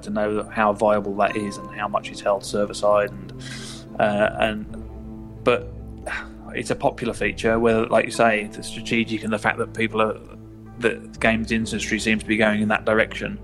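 British guy cohost, lowish flat voice, stop-start, soft music behind. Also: moderate pace. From Britain. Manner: hesitant, repeats words. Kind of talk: casual gaming podcast chat.

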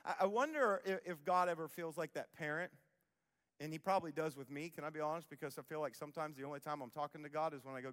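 A man's voice: a little high, fast talker, fairly bright tone, in a large hall. A man preaching a sermon as pastor, emphatic, repeating key phrases and acting out the voices of people he quotes. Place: church auditorium.

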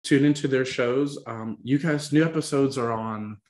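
A man's voice: medium pitch, normal speed, darkish tone. Male podcast host, bantering and jokey, mid voice, roomy room sound. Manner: playful, bantering, laughs often. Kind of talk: casual podcast chat.

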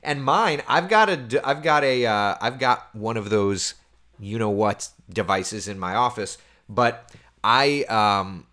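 A man's voice: lowish voice, measured pace. A man in his thirties hosting a casual morning chat, reading viewer comments and talking about his week, who laughs easily and sometimes drops to a near-whisper. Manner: chatty and animated, laughs often, drops to a hushed near-whisper at times. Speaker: host.

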